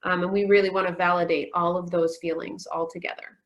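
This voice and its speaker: A woman's voice: lowish voice, level tone, fairly quick, dull audio. A woman in her forties, a counselor giving a conference talk, telling stories with frequent "um" fillers. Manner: warm storytelling with frequent "um" fillers. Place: virtual conference.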